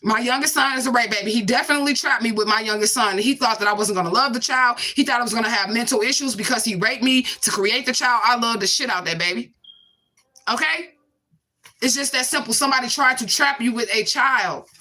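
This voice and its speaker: Woman, spiritual card reading, blunt and cursing, bright tense voice, fairly high. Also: brisk. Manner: blunt, profane, emphatic; repeats catchphrases for emphasis.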